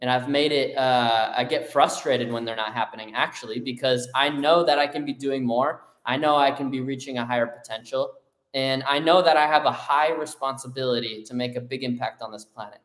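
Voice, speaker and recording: A man's voice: medium pitch, steady tone, brisk, fairly bright tone. A man with a mid-range voice speaking firmly and with drive, co-hosting a motivational live stream. He backs up his partner's points with conviction. His voice rings in an echoey room. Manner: firm, affirming, driven. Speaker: co-host. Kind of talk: motivational live show talk.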